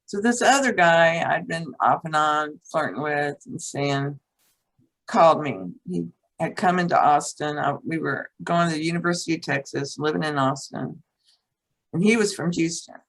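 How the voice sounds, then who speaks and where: Speaking at a moderate pace in a low voice, a female guest who teaches and writes recounts a personal story in a frank, blunt way, cursing casually. The audio quality is rough.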